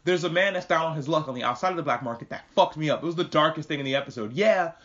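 A man from New York hosting a casual podcast recap, with profane, animated, rambling commentary. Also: on the high side, very fast. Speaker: podcast host. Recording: muffled lo-fi recording.

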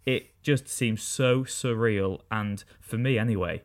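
A man's voice: fairly low pitch, measured pace. A man co-hosting a podcast in casual chat, talking with enthusiasm in long flowing runs. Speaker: podcast co-host.

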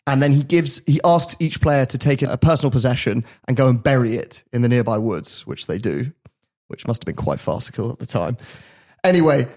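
A man's voice: medium pitch, darkish tone. Chatty man telling a sports story. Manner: laughs often while telling a story. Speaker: podcast host. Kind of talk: casual storytelling chat.

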